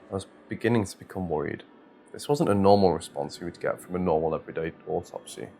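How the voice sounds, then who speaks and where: A man narrating a first-person horror story in a measured, scripted reading. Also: low voice, vocal fry, mellow, faint music behind.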